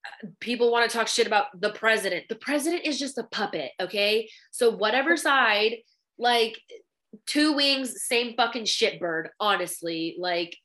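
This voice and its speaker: A woman's voice: a little high, expressive, normal speed, pushed and bright. A woman guest in casual chat, blunt and profane, saying "like" and "bro" often. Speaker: guest, influencer.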